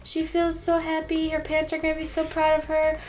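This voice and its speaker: A woman's voice: high-pitched, completely flat delivery, brisk, rough recording. A young woman playfully narrating an improvised story, often breaking into giggles. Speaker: co-host storyteller.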